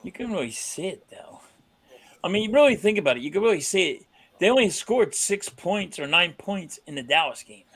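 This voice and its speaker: A man co-hosting a casual sports podcast, chuckling often and asking his friends questions with halting restarts. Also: high voice, big pitch swings, creaky, a bit bright, breathy edge. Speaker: podcast co-host.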